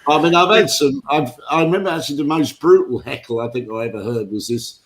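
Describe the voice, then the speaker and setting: Older male comic guest, mid-pitched, wry rambling storyteller. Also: fast talker. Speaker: guest comedian. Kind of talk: casual chat.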